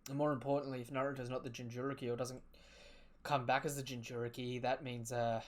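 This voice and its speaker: A man hosting a live manga reaction, emotional and sighing, with sudden loud outbursts. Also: mid-range voice, flat delivery, fast. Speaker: youtube reaction host.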